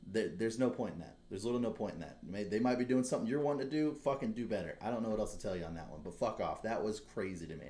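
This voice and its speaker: A man's voice: mid-range voice, animated, quick pace, a little mellow. A young man hosting a casual podcast, talking bluntly with heavy swearing and fired-up rants. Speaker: podcast host.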